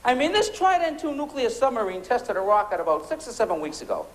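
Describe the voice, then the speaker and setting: A man's voice: very high voice, big pitch swings, fast. Sarcastic American stand-up comic man. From United States. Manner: biting, sarcastic, punchy rhetorical questions. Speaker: stand-up comedian. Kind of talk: stand-up routine. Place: comedy club stage before a laughing audience.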